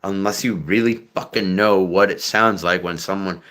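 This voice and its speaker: Man, live-stream host, casual rambling chat, profane, bright sharp voice. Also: low-pitched, fairly even intonation, moderate pace. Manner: profane, rambling, many fillers and restarts. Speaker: livestream host.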